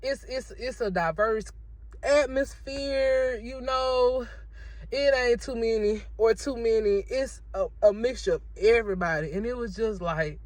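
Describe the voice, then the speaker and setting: A woman's voice: on the high side, unhurried, dry recording. Emotional woman giving a testimony. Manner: emotional, repetitive, preachy. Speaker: vlogger sharing a faith testimony. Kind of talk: casual testimony vlog. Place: in her car.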